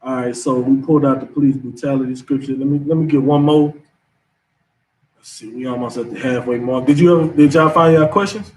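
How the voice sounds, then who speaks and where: A man's voice: mid-range voice, fairly even intonation, brisk, slight background noise. Male class leader, punchy street-casual preaching, recorded at a distance. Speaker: class teacher. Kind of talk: scripture class discussion.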